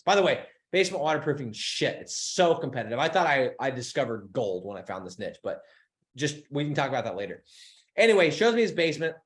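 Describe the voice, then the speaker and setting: A young man coaching his followers on business, telling a story in a casual, excitable way, swearing often and acting out what people said. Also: a little high, quick pace. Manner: excitable, swearing, animated retelling with voiced quotes.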